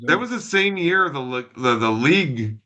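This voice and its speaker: A man chats loosely on a podcast, cursing constantly and acting out every quote. His pitch swings widely and his tone is bright and forceful. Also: normal speed. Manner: profane, animated storyteller, acts out quotes. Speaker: podcast co-host. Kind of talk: casual chat, storytelling.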